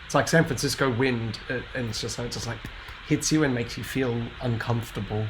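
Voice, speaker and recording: A man's voice: medium pitch, a little fast, background noise. A man hosting a casual live-stream podcast, joking and swearing freely. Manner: joking, profane, laughs often. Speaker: podcast host.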